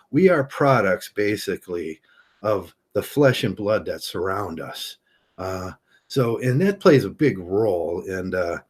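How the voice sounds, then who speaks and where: A man talking through a rambling opinion monologue to camera, halting with many restarts. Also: lowish voice. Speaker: vlogger.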